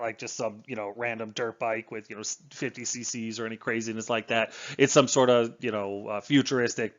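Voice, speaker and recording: A man's voice: mid-range voice, fairly bright tone, dull audio. A man giving a casual, enthusiastic book review, rambling with plenty of restarts.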